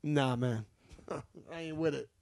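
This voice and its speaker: A man's voice: a little high, slow, creaky, a little mellow. A young man with a New York accent, co-hosting a casual chat and ranting in heated, profane bursts. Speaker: podcast co-host.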